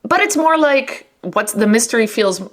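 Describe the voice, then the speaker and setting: A woman co-hosting a podcast in casual chat, animated and quick to laugh. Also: on the high side. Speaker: podcast co-host; physics professor.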